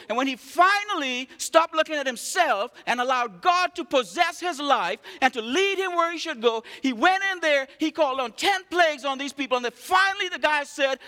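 A male preacher giving an animated sermon, calling on the congregation to respond and acting out stories. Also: extremely high pitch, moderate pace, few pauses. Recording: long hall reverb.

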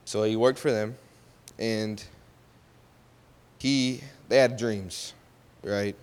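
A man's voice: lowish voice, fairly even intonation, drawn-out words, darkish tone, smooth. A man casually retelling a Bible story, often checking in with his listeners and correcting his own slips. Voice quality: loose and conversational, often checks with "right?" and corrects himself. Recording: long hall reverb.

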